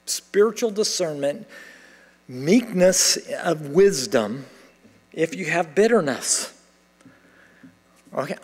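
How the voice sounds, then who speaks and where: Man, middle-aged pastor, lively sermon, slightly high voice, long hall echo. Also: slightly rough. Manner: animated storytelling, acting out dialogue. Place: large church sanctuary.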